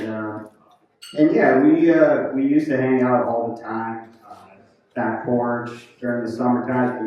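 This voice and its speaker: Man, casual hesitant memorial speech, lo-fi echoey distant recording. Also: mid-range voice. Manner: casual, hesitant with many uhs. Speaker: speaker introducing his wife. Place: country club function room. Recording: dull echoey room, distant mic.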